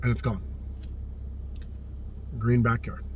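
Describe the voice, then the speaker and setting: A man telling a personal story in casual spoken style, earnest and often hushed, swearing freely and repeating phrases for emphasis. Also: mid-range voice, level tone, slow pace, a little hiss or hum. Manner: often drops to a hushed, subdued tone.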